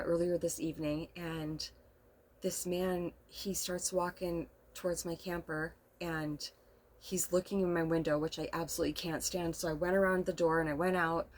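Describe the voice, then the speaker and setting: A middle-aged woman telling a personal story in a casual vlog monologue, speaking softly and emotionally and rambling with frequent laughs. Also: on the low side, a little hiss or hum. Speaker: vlogger. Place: inside a camper.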